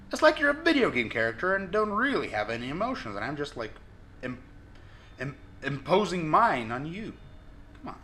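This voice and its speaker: A man commenting on his own gameplay, shouting and swearing in frustration between joking asides. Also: fairly high pitch, wildly swooping pitch, moderate pace, a little hiss or hum. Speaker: gaming video host. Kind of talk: let's play commentary.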